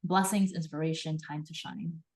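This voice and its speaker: A woman hosting a live card reading, enthusiastic and animated, acting out little quoted voices as she coaches. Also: low-pitched, moderate pace. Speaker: host and intuitive reader.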